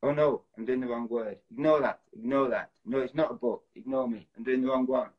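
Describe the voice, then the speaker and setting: A man hosts a casual live stream from his phone, acting out film titles and reading out viewers' guesses. His voice is a little husky and sits in a middling pitch. The audio is dull and lo-fi, like a phone stream. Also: fairly even intonation, a little fast. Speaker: host of an Instagram live stream.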